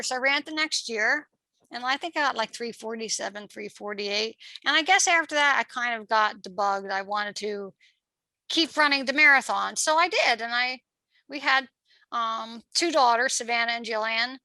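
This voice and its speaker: A middle-aged woman from Pennsylvania tells her story as a guest in a chatty, lively way, slipping into the voices of people she talked with and laughing often. Her voice sits a little high, bright, with a gravelly fry. The sound is close and dry. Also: moderate pace, dry recording, poor audio. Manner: chatty, acts out past dialogue, laughs often. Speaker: podcast guest, marathon runner. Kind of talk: personal storytelling.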